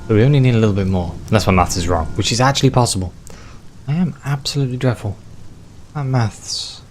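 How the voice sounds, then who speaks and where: A man's voice: medium pitch, fast talker, darkish tone, slight background noise. A man playing a video game, reading its text aloud expressively and chatting in a self-deprecating way. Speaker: video game let's player.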